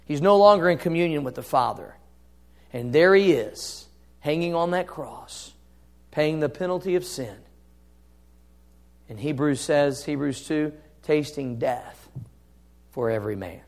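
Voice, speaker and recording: A man delivers a sermon in a notably high-pitched voice. He teaches emphatically, repeating phrases, and swings between hushed, quiet stretches and loud, impassioned climaxes. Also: expressive, measured pace, long pauses. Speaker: preacher.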